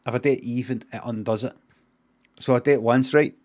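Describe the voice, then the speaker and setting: A middle-aged Scottish man improvising a comic story, rambling and deadpan, swearing freely and drifting off on tangents. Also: mid-range voice, a little fast. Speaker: streamer.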